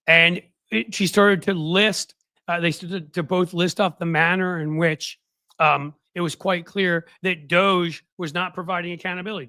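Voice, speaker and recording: A man's voice: sits high, normal speed, pushed and bright, dry recording. A man hosting a political commentary stream in casual talk, mocking his target and quoting others in put-on voices.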